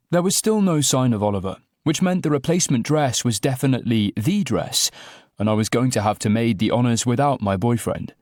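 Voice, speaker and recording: A man's voice: medium pitch, a little mellow, dry recording, clean studio sound. A man reading a romantic comedy audiobook in the first person, with wry, self-deprecating comic timing. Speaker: audiobook narrator. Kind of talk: first-person scripted narration.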